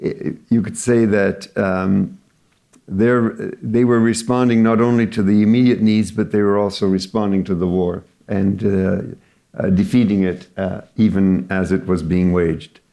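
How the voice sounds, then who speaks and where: An older man, a cardinal, answering a panel question in a measured, hesitant way with many pauses and fillers. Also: sits low, steady tone, creaky, dark tone.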